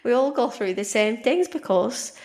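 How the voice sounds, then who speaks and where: A woman hosting a podcast, talking casually and warmly about her own life, often repeating words and restarting sentences. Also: on the high side, animated, moderate pace. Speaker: podcast host and life coach. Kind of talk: casual monologue.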